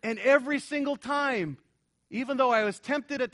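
A middle-aged male pastor preaching a sermon, swinging from loud, emphatic stretches to quiet, earnest ones. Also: very high-pitched, moderate pace.

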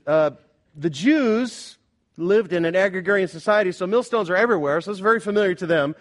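A pastor preaches on Sunday in an animated voice that sits high, talking fairly quickly. Emphatic throughout, he shifts between loud declarations and hushed prayer-like passages while often asking questions of the congregation.

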